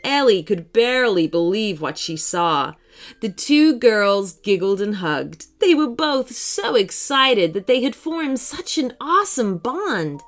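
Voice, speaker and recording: A woman reading a children's story aloud in an expressive, animated way. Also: mid-range voice, takes it slowly.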